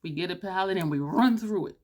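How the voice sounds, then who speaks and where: Loud, excitable woman vlogger. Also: fairly low pitch, brisk. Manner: loud, excitable, says she is yelling; drawling, southern-style "y'all" chatter, playful cursing. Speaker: beauty vlogger. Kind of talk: excited casual chat to camera.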